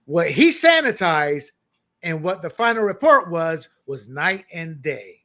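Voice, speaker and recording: High, bright-voiced male political co-host. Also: a little slow. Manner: animated, joking, repeats words when restarting. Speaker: podcast co-host. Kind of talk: political commentary chat.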